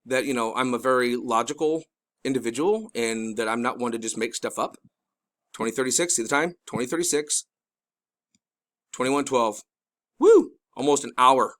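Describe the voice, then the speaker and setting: A man's voice: mid-range voice, moderate pace, fairly bright tone. Urgent, pleading middle-aged man. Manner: rambling with restarts. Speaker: video host. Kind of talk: casual narrated commentary.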